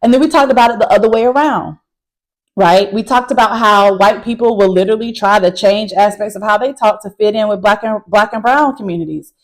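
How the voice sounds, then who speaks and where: A woman's voice: mid-range voice, fairly quick, low-quality recording. A woman college instructor talking casually to camera from a car, recapping a class and calling her viewers y'all. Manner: addresses viewers as y'all, emphatic and animated. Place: in a parked car.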